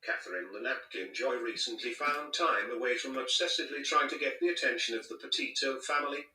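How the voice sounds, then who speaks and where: A man voicing a sarcastic male robot cat narrator who mocks and insults in deadpan, played back from a video. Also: medium pitch, brisk. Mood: mocking. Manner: mocking, insulting deadpan commentary. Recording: echoey, distant from the mic, played from a video.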